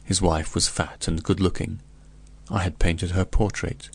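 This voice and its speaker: Deep, gravelly male storybook narrator. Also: level tone, a little slow. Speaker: audiobook narrator. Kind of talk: first-person storybook narration.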